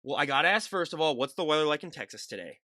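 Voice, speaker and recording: Fast-talking upbeat male podcast host. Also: on the high side, lively intonation, bright, forceful tone, dry recording. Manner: upbeat, joking, rapid talker. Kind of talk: podcast interview. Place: lives in a cold northern US state.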